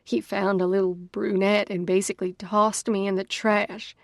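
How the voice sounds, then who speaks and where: A woman's voice: medium pitch, normal speed, gravelly, no room sound, clean studio sound, lightly acted. A woman reading as a broken, bitter sister. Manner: flat and dull, then snappish and sobbing. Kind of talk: audiobook dialogue reading.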